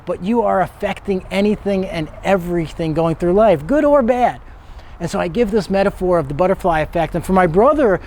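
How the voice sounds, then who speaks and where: A man's voice: sits high, darkish tone. A middle-aged man, a motivational speaker, telling a personal story in an earnest manner that builds to emphatic peaks.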